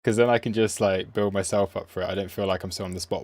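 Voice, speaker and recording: A man's voice: sits low, steady tone, fast, few pauses, darkish tone, no room sound. A man, chatting playfully on a live trading stream and talking at the price chart.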